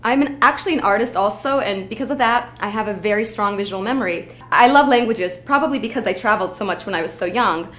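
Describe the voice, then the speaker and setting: A woman's voice: mid-range voice, quick pace, few pauses, fairly bright tone. A young adult woman from Ukraine giving an audition slate, chatty and bubbly, often saying "like.". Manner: chatty, bubbly, uses lots of "like". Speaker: actor auditioning. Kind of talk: audition slate, self-introduction. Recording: dull lo-fi recording.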